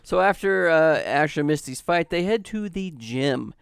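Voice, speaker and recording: Smooth-voiced man, laid-back recap. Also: a little high, expressive, unhurried, dry recording, studio quality. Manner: laid-back, swears casually while summarizing. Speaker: podcast co-host. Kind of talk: casual recap chat.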